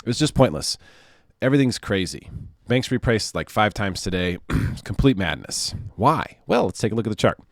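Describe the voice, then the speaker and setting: A low-voiced man talks through mortgage markets in a loose, animated commentary, leaning on sarcasm and repeating words to drive a point home. His voice is close and dry, with no room around it. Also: moderate pace, vocal fry, no room sound. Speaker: mortgage loan officer.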